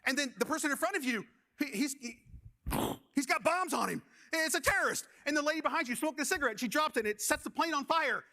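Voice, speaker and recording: A high, bright male voice with a lilt carries this sermon. The middle-aged pastor tells animated stories and stumbles over repeated words in his excitement, then drops to quieter urging. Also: fast talker.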